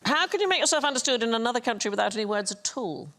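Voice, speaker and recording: A woman hosting a comedy panel quiz, reading facts briskly and often laughing along with her guests. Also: on the high side, animated, a bit bright. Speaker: quiz show host.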